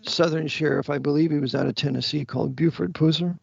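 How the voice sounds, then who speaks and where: A man's voice: fairly high pitch, fairly even intonation, quick pace, creaky, husky, highs cut off. A man hosting a casual talk show, answering his guest with blunt, preachy remarks. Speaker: host. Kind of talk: casual radio chat.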